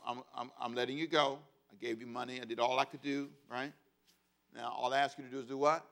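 A man's voice: mid-range voice, creaky, fairly bright tone. A middle-aged man preaching a sermon as pastor, conversational and humorous, asking the congregation to repeat phrases and acting out the voices of parents and children. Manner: acts out quoted voices of kids and parents.

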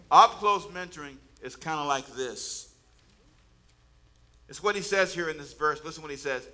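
A middle-aged man preaching a sermon, shifting from quiet asides to loud emphatic bursts and calling on the congregation to repeat after him. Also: on the high side, brisk. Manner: preaching with call-and-response prompts to the congregation. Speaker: pastor.

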